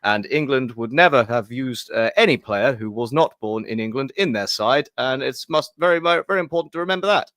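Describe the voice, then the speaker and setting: A man doing a comic impression of a pompous, hoity-toity English gentleman politician, blustering and stammering. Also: medium pitch, lively intonation, brisk, hardly any pauses, dry recording, studio quality, lightly acted. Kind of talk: comic impression in podcast chat.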